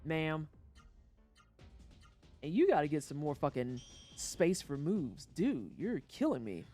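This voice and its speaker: Game streamer, loose and profane, voice leaping all over the place, faint game music underneath. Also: slow pace. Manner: animated, profane and joking, with sudden high-pitched outbursts; chatty storytelling aside while playing. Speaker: livestreamer playing a video game. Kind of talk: casual gameplay commentary.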